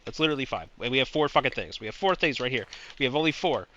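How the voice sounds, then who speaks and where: A man's voice: mid-range voice, expressive, rapid-fire, few pauses, fairly bright tone, dull audio, a little hiss or hum. A man streaming a puzzle game live, talking to himself, imitating bird chirps and swearing in frustration.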